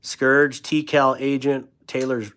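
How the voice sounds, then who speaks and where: A man's voice: medium pitch, little pitch movement, takes it slowly, fairly bright tone, clear, resonant tone. A man in his thirties hosting a casual live stream, reading viewer comments aloud and riffing on them in a loose, rambling, joking way. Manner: reads viewer comments aloud and riffs on them with frequent laughter. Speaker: livestream host of a knife channel.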